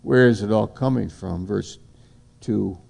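A man's voice: fairly low pitch, a little slow, gravelly, a little mellow. A man preaching an informal sermon, rambling and conversational. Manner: rambling, conversational, acts out little dialogues.

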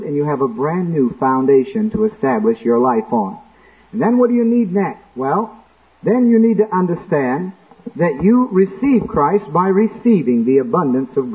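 A man preaching a sermon in church, acting out quotes and breaking into sudden shouts. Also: fairly high pitch. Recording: tinny lo-fi phone-like recording.

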